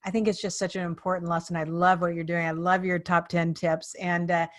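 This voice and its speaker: A woman hosting a podcast interview, telling a lively story and acting out the people in it. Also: lowish voice, fairly quick. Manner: animated storyteller, acts out quoted people. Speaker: podcast host.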